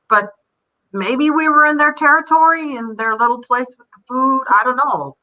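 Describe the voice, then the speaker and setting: Bright-voiced grandmother telling stories. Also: mid-range voice, rough recording. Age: older. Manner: rambling, animated, acts out quotes. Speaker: guest. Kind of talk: casual interview storytelling.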